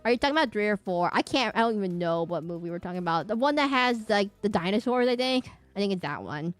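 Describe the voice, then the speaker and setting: A woman's voice: medium pitch, animated, quick pace, no echo. A woman streamer chatting casually and rambling from topic to topic at her home setup.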